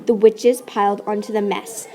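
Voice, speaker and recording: A woman reading a children's story aloud with expressive, playful narration and sound effects. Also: mid-range voice, moderate pace. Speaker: storybook reader.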